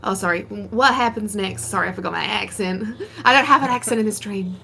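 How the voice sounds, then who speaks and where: A woman playing a tabletop game, quick and self-correcting. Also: mid-range voice, creaky, pushed and bright, faint music behind. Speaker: player.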